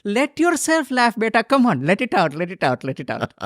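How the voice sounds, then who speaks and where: A man's voice: high voice, huge pitch swings, moderate pace, fairly bright tone, dry recording, studio quality, pitched above the performer's own voice, exaggerated voice. A man putting on an exaggerated Indian accent as a coaxing male meditation guru who speaks broken English. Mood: playful coaxing.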